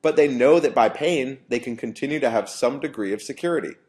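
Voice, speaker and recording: A man's voice: medium pitch, fairly quick, a little mellow. A man, a professor, giving a university lecture in an explanatory way, often restarting phrases.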